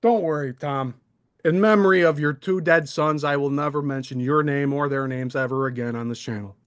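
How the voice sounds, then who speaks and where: A man's voice: on the high side, normal speed, clear, resonant tone. A man hosting a live stream, airing his grievances in a sarcastic, aggrieved rant. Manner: aggrieved, sarcastic, mocking impressions.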